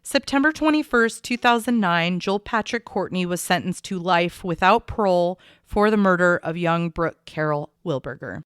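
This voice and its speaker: A woman co-hosting a true crime podcast, recounting case details in a measured, conversational way. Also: lowish voice, expressive, a bit bright, clean tone, no echo, clean studio sound.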